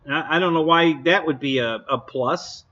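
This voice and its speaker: A man hosts a live stream, chatting casually and bluntly, laughing often and responding to viewers' comments. His voice is on the high side with a fairly bright tone at a moderate pace, over dull lo-fi stream audio.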